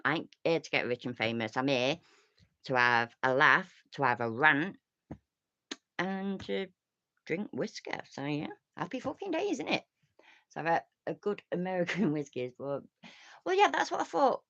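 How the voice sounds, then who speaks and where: Gravelly, sweary woman chatting. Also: low-pitched, very animated, moderate pace, a bit bright, dry recording, muffled recording. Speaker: host. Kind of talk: casual livestream chat.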